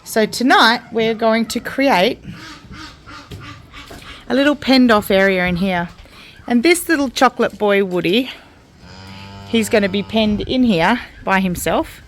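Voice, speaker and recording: A woman's voice: on the high side, lively intonation, unhurried, long pauses. An Australian woman filming a casual farm vlog in an outdoor milking shed, explaining her work to viewers and cooing soothing praise to a cow. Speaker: homesteader vlogger.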